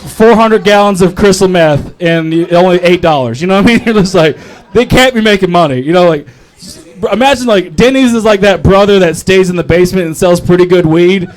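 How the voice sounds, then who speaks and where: A young man from North Carolina, his voice sitting high and brisk, performs a stand-up set at an open mic comedy club. The comedian's routine is rambling, profane, and self-mocking, and he often laughs at his own jokes.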